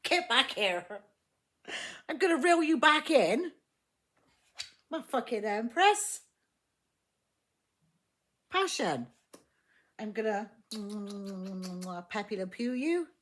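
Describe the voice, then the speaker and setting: A woman's voice: a little high, a bit bright. A woman voicing a cold, stubborn man who won't commit, speaking defiantly and swearing.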